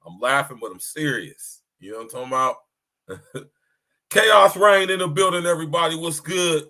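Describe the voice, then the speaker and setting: A man's voice: fairly high pitch, expressive, measured pace, bright, forceful tone. A man hosting a podcast stream in casual, hyped chat, repeating himself and ending lines with "man.". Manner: hyped, repetitive, keeps tagging "man". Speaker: podcast host.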